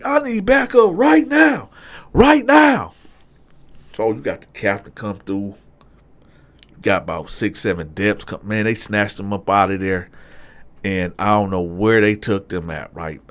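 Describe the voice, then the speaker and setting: A middle-aged man casually telling a story, swinging between loud acted-out voices and low hushed asides. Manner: animated, acts out other inmates in loud raised voices. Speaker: storyteller, channel host.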